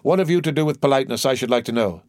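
A man voicing a sickly, suspicious older woman who scolds in a sharp, mistrustful way. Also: medium pitch, racing, no echo, clean studio sound, close to an everyday voice. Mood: scolding. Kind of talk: audiobook character reading.

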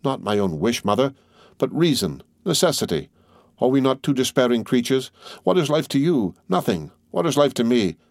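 A man's voice: medium pitch, sing-song, moderate pace, darkish tone, dry recording, studio quality, voice pushed up. A man voicing an earnest, resolute young man reassuring his mother in a storybook reading. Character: earnest young man, proud and devoted son.

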